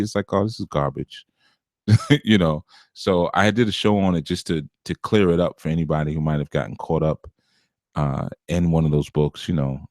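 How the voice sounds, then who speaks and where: A man's voice: low voice, a little mellow, dry recording, clean studio sound. A man teaching a spiritual class in a loose, conversational way, with frequent asides and an occasional chuckle. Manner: conversational, with frequent asides like "you know" and "you see"; chuckles now and then. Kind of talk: casual spiritual lecture.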